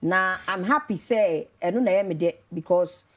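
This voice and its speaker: A woman's voice: fairly low pitch, moderate pace. Ghanaian woman hosting a morning show. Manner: mixes Twi and English, hesitant fillers. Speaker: radio show host. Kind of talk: casual morning show interview.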